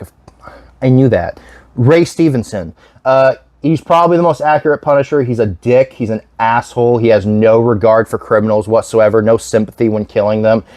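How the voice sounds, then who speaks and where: A man's voice: medium pitch, darkish tone, dry recording. Profane, rambling young man, dry sound. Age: 20s. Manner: rambling, swears often, laughs mid-sentence. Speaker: YouTube host. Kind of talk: casual movie collection vlog.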